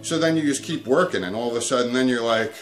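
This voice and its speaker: Hosting a comedic guitar video, a man rants crudely to the camera and swears nonstop. He speaks fast at medium pitch.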